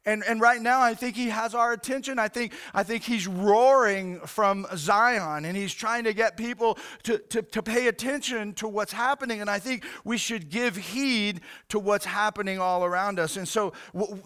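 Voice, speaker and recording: Male pastor, 40s, high smooth voice, earnest, halting sermon delivery. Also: fairly bright tone. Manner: earnest, halting, repeats words, says "man" often.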